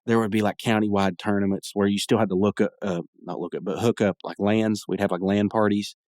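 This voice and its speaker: Recapping a cartoon episode on his podcast, a young man rambles casually and laughs as he acts out scenes in solo commentary. His voice is fairly low, a little mellow and brisk, with little pitch movement, in clean studio sound with no room sound.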